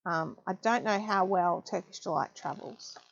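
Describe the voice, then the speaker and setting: A woman's voice: medium pitch, normal speed, vocal fry, highs cut off. A woman hosting a casual craft live stream, chatting loosely and reading viewer comments aloud with frequent ums. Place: home craft room.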